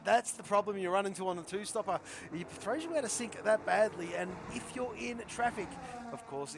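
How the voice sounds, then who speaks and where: A man commentating a sim racing league, chatty and repeating himself, his voice hoarse and giving out. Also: high voice, noisy background. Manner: chatty, repeats phrases, calls drivers by nicknames. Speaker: race commentator.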